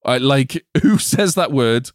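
A man co-hosting a casual film-review podcast, blunt and profane in his talk and quick to laugh. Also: mid-range voice, lively intonation, no echo, studio quality. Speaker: podcast co-host. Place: podcast recording.

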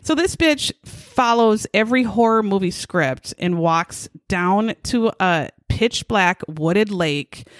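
A woman's voice: medium pitch, dry recording. Lady retelling a ghost story all snarky and swearing, voice jumps all over, dry mic. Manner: sarcastic, profane, mocking. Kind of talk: casual storytelling chat.

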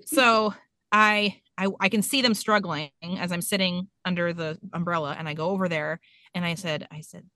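A woman's voice: fairly low pitch, fairly even intonation, normal speed, pushed and bright, no echo. A woman in her thirties telling a self-mocking mom story in casual podcast chat.

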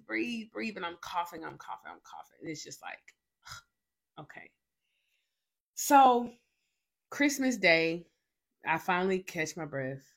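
A woman's voice: mid-range voice, fairly bright tone. A young adult woman hosting a faith show, telling a personal testimony in an emphatic storytelling way, full of repeated fillers and restarts. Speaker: faith podcast host.

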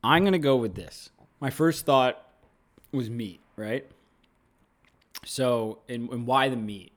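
A man's voice: medium pitch, takes it slowly. A man co-hosting a podcast in casual banter, playful and mock-pondering, laughing often. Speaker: podcast co-host.

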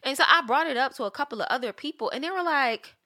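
A young woman chats with a podcast co-host, telling a story in a bright, high-leaning voice. She is animated and swears freely, and her pitch swings widely as she acts out what people said. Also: fast talker. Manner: animated, profane, acts out quotes with big pitch jumps. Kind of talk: casual storytelling chat.

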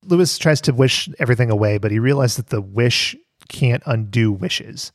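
A man's voice: mid-range voice, normal speed, no echo, studio quality. A man co-hosting a podcast, recapping a cartoon in casual chat, joking, swearing and laughing often.

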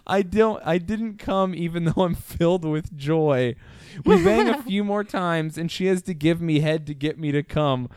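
A man's voice: a little high, measured pace, hardly any pauses, a little mellow, clean tone, no room sound, clean studio sound. A man co-hosting a casual podcast, reading listener stories aloud with crude jokes and a lot of swearing. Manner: crude, joking, swears freely. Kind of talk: casual comedic podcast chat.

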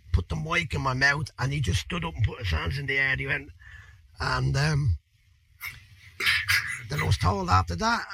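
A man in his fifties with a Dublin accent, telling a story as an interview guest in a colloquial, animated way, with plenty of swearing. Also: medium pitch, gravelly, breathy edge, low-quality recording. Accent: Irish, Dublin. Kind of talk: anecdotal storytelling.

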